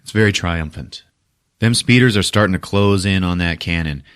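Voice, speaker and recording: A man hosting a podcast, recapping a movie in an animated, profane, casual way. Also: low voice, moderate pace, clean tone. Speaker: podcast host.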